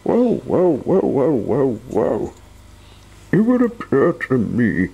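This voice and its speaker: A man's voice: lowish voice, very animated, slow, gravelly, a little mellow, breathy edge, lo-fi sound, voice pushed up, full character voice. A man voicing an eccentric, pompous wizard in a storybook reading, theatrical and rambling. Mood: excited, lofty.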